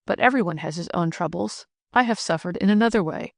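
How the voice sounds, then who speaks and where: A woman's voice: lowish voice, fairly quick, vocal fry, dry recording, clean studio sound. A woman reading the part of a sturdy, good-humored widowed ploughman in an audiobook, sounding hearty and earnest.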